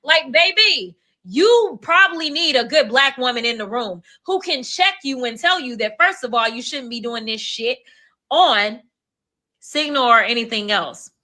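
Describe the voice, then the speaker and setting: A woman's voice: high-pitched, animated, measured pace, sharp tone. A woman giving a fiery dinner speech in a sassy, emphatic and profane way. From Texas. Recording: clip played back from a reverberant hall.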